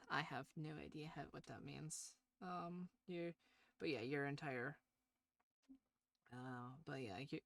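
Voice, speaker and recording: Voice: mid-range voice, vocal fry, no echo. A gaming video creator with a nasal voice, chatting loosely over gameplay with many fillers and restarts, shy and hesitant. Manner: shy, talks about social anxiety. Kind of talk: casual gameplay commentary.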